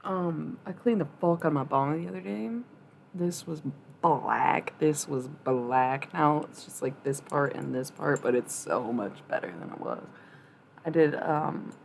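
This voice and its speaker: Woman streamer, low voice, casual tough-love chat, blunt and profane, faint background hum. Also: gravelly. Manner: chatty, laughs often. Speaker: livestreamer.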